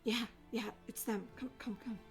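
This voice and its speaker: A woman's voice: a little high, fairly even intonation, normal speed, faint music behind, natural voice. A woman voicing a nervous male scholar who stammers and repeats his words.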